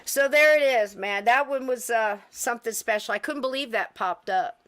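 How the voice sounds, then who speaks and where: A woman's voice: a little high, normal speed, fairly bright tone, faint music behind. A woman co-hosting a podcast, chatting casually and animatedly about paranormal video clips, often laughing. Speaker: podcast co-host.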